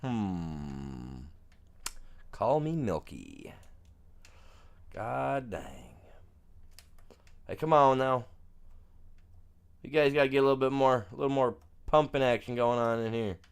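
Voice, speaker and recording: A man's voice: mid-range voice, animated, slow, vocal fry, pauses often, clear, resonant tone. A man streaming a farming game, chatting casually to viewers in a rambling, jokey way and saying "man" constantly. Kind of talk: casual gameplay commentary.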